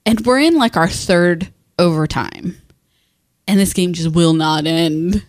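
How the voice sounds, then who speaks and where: A middle-aged woman chatting casually, animated and laughing often, with frequent restarts. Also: on the low side, slow, no room sound, clean studio sound. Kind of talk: casual chat.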